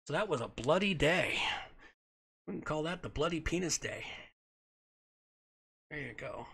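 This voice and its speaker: A man's voice: on the high side, moderate pace, gravelly, fairly bright tone. A man hosting a show, reading Bible passages aloud and breaking into irreverent, joking commentary. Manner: irreverent, joking asides between solemn readings. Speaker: host.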